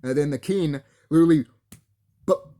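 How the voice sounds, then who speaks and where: Profane ranting man, slightly high voice. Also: normal speed, mellow. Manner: profane, confrontational, addresses enemies directly; breaks into laughter, mimics others in quotes. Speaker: vlogger. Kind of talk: solo spiritual rant to camera.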